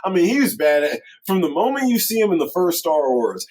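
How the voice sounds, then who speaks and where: A man's voice: high voice, a little fast, poor audio. A man co-hosting a podcast, reviewing a film in casual chat, swearing a lot, laughing often and acting out characters. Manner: profane, animated, laughs often, acts out characters. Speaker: podcast co-host.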